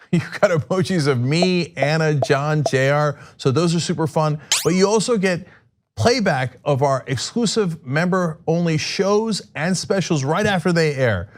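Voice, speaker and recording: A man hosting a show, reading an upbeat promo for channel memberships. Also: fairly high pitch. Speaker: show host.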